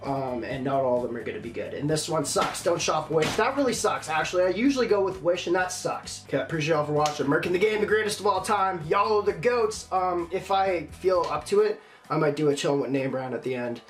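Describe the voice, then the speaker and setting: A man's voice: on the high side, quick pace, roomy sound, soft background music. A young man vlogging casually, frustrated and ranting, often apologizing to viewers. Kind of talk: casual unboxing vlog.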